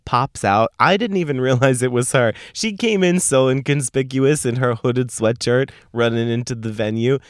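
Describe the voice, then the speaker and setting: A man's voice: medium pitch, clean tone, dry recording, studio quality. A man, hosting a podcast and telling a story in a brash, profane, sassy way. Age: late 20s. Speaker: podcast host. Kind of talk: casual storytelling monologue.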